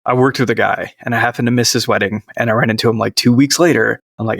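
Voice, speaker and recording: A man's voice: mid-range voice, steady tone, fast, creaky, hardly any pauses, a bit bright, no echo. A man hosting a podcast, telling wry stories and dry jokes in casual chat over a video call. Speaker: podcast host. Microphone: video call mic.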